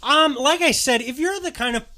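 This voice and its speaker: A man with a bright, sharp voice, gushing enthusiastically in a relaxed podcast chat. His talk is animated and excitable. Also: very high voice, normal speed. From US West Coast. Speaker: podcast co-host. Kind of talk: casual chat.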